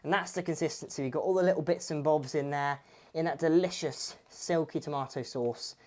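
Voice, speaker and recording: Brief: female cooking host, low voice, chatty, fond of corny jokes. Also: brisk, darkish tone. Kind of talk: casual cooking demonstration.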